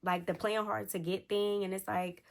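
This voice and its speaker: A woman in her thirties telling a story in casual chat, talking straight to her viewers and animated in the retelling. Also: medium pitch, normal speed, vocal fry. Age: 30s. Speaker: storytelling vlogger.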